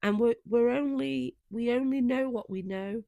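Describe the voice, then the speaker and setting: A woman co-hosting a podcast, husky and croaky from a cold, telling a reflective story in a casual chat. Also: on the high side, moderate pace, mellow, dry recording, muffled recording. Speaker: podcast co-host.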